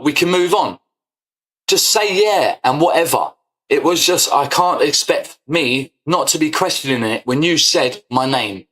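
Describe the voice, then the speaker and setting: A man's voice: fairly high pitch, sharp tone. A man ranting to camera on his football fan channel, confrontational and full of swearing. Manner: confrontational, swearing, repetitive "yeah?". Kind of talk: angry rant to camera.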